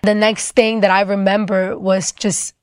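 A woman's voice: mid-range voice, flat delivery, unhurried, clean tone, no echo, clean studio sound. A young woman telling a personal testimony in casual talk, acting out the quoted voices and saying "like" often. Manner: acts out quoted voices, filler-heavy with "like". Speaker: storyteller giving a testimony.

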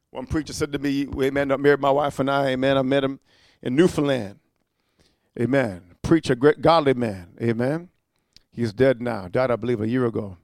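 A man preaching a fiery evangelistic sermon, emphatic and full of "amen" and "huh?", swinging from quiet asides to loud declarations. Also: medium pitch, fairly even intonation, moderate pace, dry recording.

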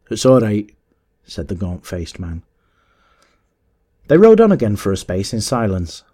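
A man narrating a story in a measured, expressive audiobook reading. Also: on the low side.

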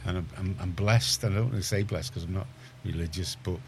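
Liverpool man, radio host, very low voice, rambling chatty talk with faint background hiss. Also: fairly quick, a little mellow. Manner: rambling, chatty, many restarts. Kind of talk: casual studio chat. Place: community radio studio.

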